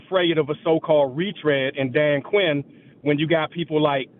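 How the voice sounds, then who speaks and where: Male caller, middle-aged, slightly high voice over a tinny phone line, emphatic. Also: normal speed. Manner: animated, emphatic fan.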